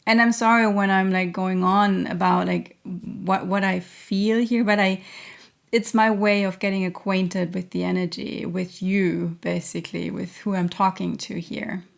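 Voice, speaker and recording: A woman doing an intuitive spiritual reading, speaking slowly and gently. Her voice carries a noticeable gravelly fry. She searches for words, pausing often with little fillers. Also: medium pitch, little pitch movement. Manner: hesitant, searching, many fillers. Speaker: intuitive reader.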